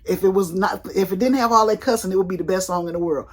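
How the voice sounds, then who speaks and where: Husky-voiced older woman telling a story. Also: medium pitch, fast. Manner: animated, acts out the people in her story; colloquial, rambling with restarts. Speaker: vlogger. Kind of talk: casual storytelling vlog.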